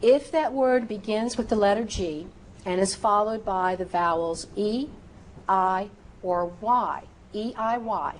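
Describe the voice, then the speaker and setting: A woman teaching medical terminology in a recorded lecture, sounding out each term slowly and precisely. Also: mid-range voice, a little hiss or hum. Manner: slow, precise enunciation of terms.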